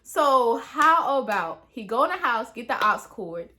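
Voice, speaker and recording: Young woman vlogger, high voice, lively and slangy, chatty storyteller. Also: unhurried. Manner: animated, slangy, addresses viewers as honey and y'all. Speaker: YouTuber. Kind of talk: story time vlog.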